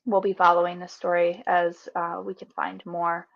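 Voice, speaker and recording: A woman presenting a radio news segment in a calm, earnest way, with frequent ums and uhs. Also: on the low side, moderate pace, gravelly, no room sound. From northern Minnesota, USA. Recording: dull, lo-fi and dry.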